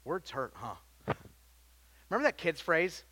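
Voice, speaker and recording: A man preaching a sermon, swinging from loud emphasis to quiet, low lines and often restarting his words. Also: expressive, moderate pace. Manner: self-interrupting with repeated words. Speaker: pastor.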